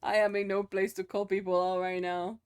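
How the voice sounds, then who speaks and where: A woman's voice: medium pitch, little pitch movement, a little fast, clean tone. A young woman streaming live, chatting loosely with her viewers, laughing often and swearing casually.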